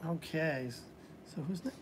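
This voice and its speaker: A woman reads tarot on a casual live stream in a low, unhurried voice. She's chatty but hesitant, with frequent restarts, and there's faint background noise.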